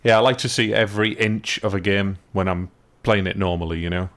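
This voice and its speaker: A man from England chatting casually while playing a game, in a relaxed, rambling way. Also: fairly low pitch, a little fast. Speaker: player and commentator. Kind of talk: casual gaming commentary chat.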